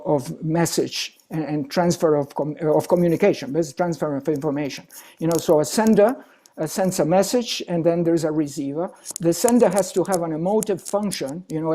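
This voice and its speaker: A man giving an academic webinar lecture as a guest speaker, halting through restarts and often ending points with "isn't it?". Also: fairly high pitch, mellow.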